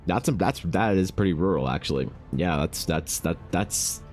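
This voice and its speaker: A man's voice: sits low, moderate pace, darkish tone, faint music behind. A man live-streaming while drawing, rambling, joking and swearing casually with lots of restarts. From Canada.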